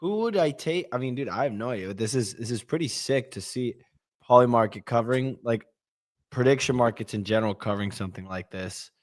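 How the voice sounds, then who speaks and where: A man's voice: mid-range voice, a little fast, dry recording. A man co-hosting a casual crypto podcast, reading market news with brash, sarcastic asides and casual swearing. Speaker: podcast co-host.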